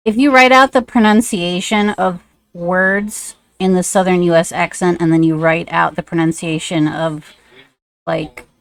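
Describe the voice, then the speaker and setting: A woman's voice: fairly low pitch, no room sound. A woman streamer chatting casually and rambling, with many fillers, while she draws live. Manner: sing-song baby talk to a pet.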